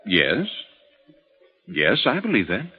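A calm, skeptical visitor in an old-time radio drama, with a low, husky voice that rises and falls a lot. He narrates and questions in a measured way. The sound is dull and muffled like an old broadcast. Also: faint music behind, full character voice.

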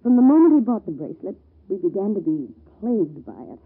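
An actress playing an anxious young wife in an old-time radio drama, speaking in a halting, nervous way. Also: female voice, mid-range voice, very animated, slightly rough. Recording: lo-fi vintage radio recording.

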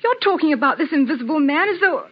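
This is a high, lively voice: a calm, soothing vicar's daughter. She sounds earnest and poised, and it comes through a dull old radio recording. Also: quick pace. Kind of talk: 1940s radio acting.

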